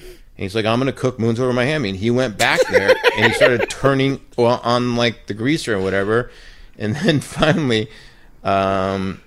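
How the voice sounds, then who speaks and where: A man's voice: medium pitch, lively intonation, normal speed, a bit bright. A man on a podcast telling a rambling, laughing anecdote in a casual chat. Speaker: podcast co-host, former ballplayer.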